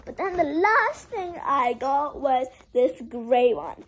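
A woman's voice: high voice, sing-song, slow pace, fairly bright tone, poor audio. A young girl doing a casual clothing-haul vlog, chatty and full of "like", making a drama of her disappointment. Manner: chatty, heavy use of "like", dramatic about being sad. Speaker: vlogger.

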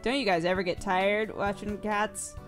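A woman's voice: medium pitch, steady tone, moderate pace, faint music behind. A woman co-hosting a let's play, bantering playfully and reading game text aloud.

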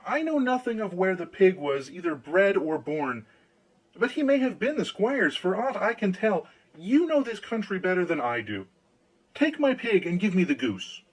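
A man's voice: fairly high pitch, sing-song, normal speed, pitched above the performer's own voice, poor audio. A man voicing a simple, cheerful young man who is easily pleased, in an eager, naive manner.

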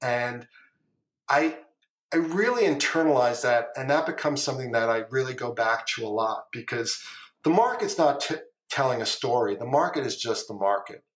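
A podcast guest, middle-aged and once a trader, rambles through long tales with repeated phrases and casual cursing in a laid-back interview. He speaks at normal speed in a mid-range, expressive voice with a fairly bright tone. The recording has an echoey room sound.

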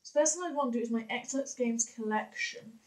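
A woman's voice: fairly high pitch, brisk, darkish tone, rough recording. A young woman chatting casually in a home vlog, rambling with many fillers and hesitations. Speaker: vlogger.

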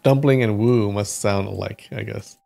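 A man with a lowish, gravelly, warm voice speaks at normal speed as he wraps up a livestream of folktale readings. He chats casually, giggles and laughs, and thinks aloud.

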